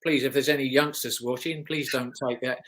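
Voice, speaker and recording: A man's voice: medium pitch, steady tone, brisk, fairly bright tone. A middle-aged man, a former motocross racer telling rambling, chatty stories as an interview guest. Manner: rambling, chatty, with restarts and chuckles. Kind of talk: casual anecdotal storytelling.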